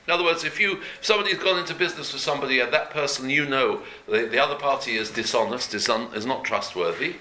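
A man's voice: mid-range voice, quick pace, hardly any pauses, pushed and bright, a little hiss or hum. A man teaching a daily Jewish law class in an earnest, conversational way, repeating and rephrasing each point as he explains it. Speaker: Torah teacher. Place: room before a talk.

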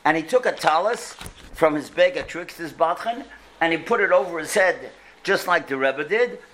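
A man with a somewhat high voice delivers a sermon, weaving in stories. He talks earnestly, pressing his points home and posing rhetorical questions to his listeners. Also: lively intonation, moderate pace, a bit bright, slight background noise. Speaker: religious speaker. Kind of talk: sermon with storytelling.

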